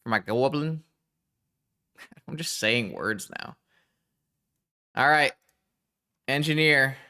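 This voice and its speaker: A man giving casual live-stream gameplay commentary, thinking aloud and talking to his chat in a chatty, excitable way. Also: mid-range voice, slow pace, clear, resonant tone.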